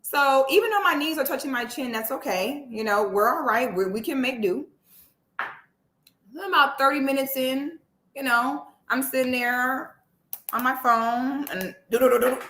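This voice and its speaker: A woman vlogger telling a story in a casual, comic way, animated, with loud exclamations and cursing, speaking straight to her viewers. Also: high-pitched, normal speed, a little hiss or hum. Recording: echoey room.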